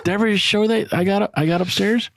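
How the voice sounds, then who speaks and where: A man's voice: high voice, steady tone, fast talker, vocal fry, fairly bright tone. A middle-aged American man co-hosting a podcast in loose, swear-heavy casual chat. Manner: loose, swears a lot, laughs often. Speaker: podcast co-host.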